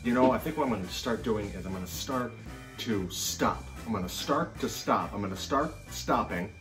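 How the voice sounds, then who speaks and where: A middle-aged man chatting casually at home about his collecting, rambling and joking, with sudden excited bursts. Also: fairly low pitch, normal speed, recorded from a distance, faint music behind. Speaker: collector vlogger. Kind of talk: casual chat to camera.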